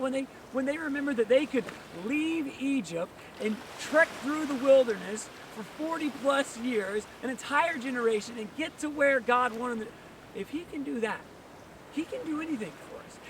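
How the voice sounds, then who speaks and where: High-voiced man preaching on a beach. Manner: energetic, asks many rhetorical questions. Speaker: pastor. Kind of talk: outdoor sermon. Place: outdoors on a beach. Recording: distant mic with clear surf noise.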